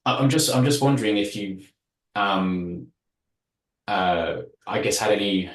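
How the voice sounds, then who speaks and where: A man with a very deep voice asks a question at an online workshop. He searches for words as he phrases it. The sound echoes as if in a roomy space. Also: a little slow. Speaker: workshop participant.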